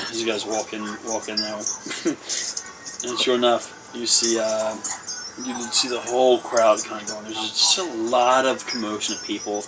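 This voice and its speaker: A man's voice: fairly low pitch, level tone, unhurried, over music. A man running a tabletop game as game master, describing scenes in a rambling way full of fillers and restarts. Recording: distant mic with clear background noise.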